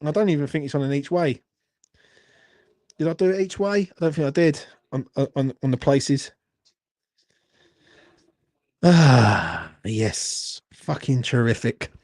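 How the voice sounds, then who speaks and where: A man's voice: a little high, normal speed, dark tone, dry recording, studio quality. A young man, hosting a live horse racing watchalong, swearing and grumbling in a rambling way. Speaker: watchalong host.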